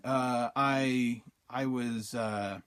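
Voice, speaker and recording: Talking very slowly, this Utah, USA man hosts a self-help podcast in a mid-range, slightly bright voice with fairly even intonation. He relates a personal story in a casual way, heavy on fillers, voicing his own thoughts as if quoting them.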